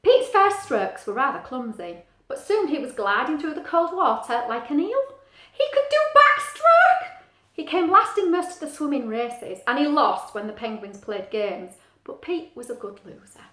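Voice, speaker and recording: Animated woman reading a picture book aloud. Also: a little high, normal speed, hardly any pauses. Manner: gentle, animated, asks the listener questions. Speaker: teacher. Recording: echoey room.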